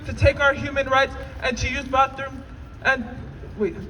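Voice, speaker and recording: A woman in her twenties from Utah giving an emotional rally speech, at times tearful and shouting to the crowd. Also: sits high, flat delivery, normal speed. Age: 20s. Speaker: rally speaker. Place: outdoor rally in a city. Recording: distant outdoor rally recording with crowd and echo. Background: crowd noise.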